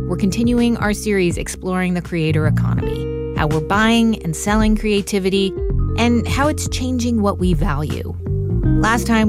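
A woman hosting a radio show, narrating from a script and interviewing a guest in a measured, curious way. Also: medium pitch.

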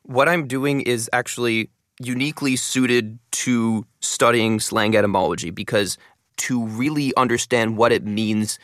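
A man in his twenties, a linguist and content creator, explaining his work in a quick, animated way in an interview. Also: medium pitch, dry recording, studio quality. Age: 20s. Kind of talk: interview answers.

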